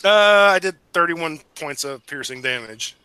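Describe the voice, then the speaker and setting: Bright, high-voiced male player. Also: moderate pace, clear, resonant tone. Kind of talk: playing a tabletop game.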